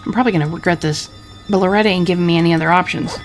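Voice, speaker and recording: A woman voicing a crude, drunken, scheming husband from the 1940s, talking gruffly and cursing. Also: fairly low pitch, rapid-fire, soft background music, natural voice. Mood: grumbling. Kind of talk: reading game dialogue aloud.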